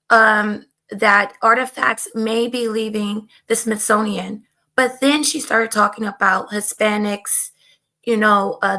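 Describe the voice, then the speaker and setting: A woman whose voice is hoarse and going out talks through her point in a casual discussion. Her pitch sits in an ordinary middle range, and she pauses often on fillers. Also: pushed and bright. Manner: explanatory, hesitant with fillers.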